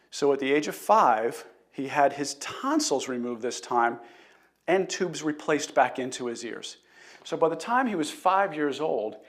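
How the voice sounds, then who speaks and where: A middle-aged man hosting a live health talk, telling a patient story in an earnest way and greeting viewers. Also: a little high. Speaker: chiropractor host.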